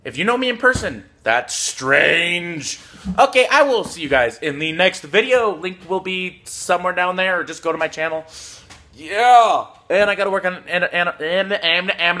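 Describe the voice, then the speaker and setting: A young man unboxes trading cards on a phone recording, chatting casually in a high-pitched voice at a moderate pace. This card unboxing vlogger is excitable, swears often and throws in jokey asides.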